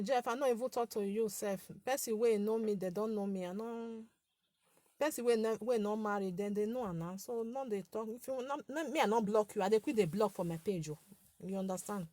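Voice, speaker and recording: A woman's voice: medium pitch, a little fast, mellow, no echo, clean studio sound. A woman in her forties with a Nigerian accent and a light, girlish voice, hosting a casual live chat with her followers. She talks in a chatty, scolding way, repeats herself and laughs often. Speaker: social media page host.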